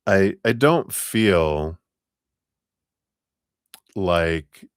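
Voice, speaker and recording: Man, tarot reader, very low pitch, musing, many fillers, dry recording. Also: animated, extremely slow, clean tone, dry recording. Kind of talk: live tarot reading.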